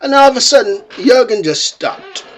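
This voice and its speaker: A man telling an animated personal story, expressive and peppered with "you know" and "bloke". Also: very high-pitched, moderate pace.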